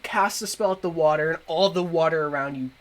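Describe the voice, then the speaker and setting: Laughing, halting game master. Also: male voice, fairly high pitch. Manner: laughs often, hesitant with fillers. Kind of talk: narrating a tabletop game.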